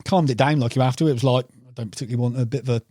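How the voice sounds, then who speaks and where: During a casual storytelling interview, a podcast guest who fishes for carp rambles through anecdotes, calling the host "mate". He speaks very fast in a mellow, mid-range voice, with clean studio sound and no echo.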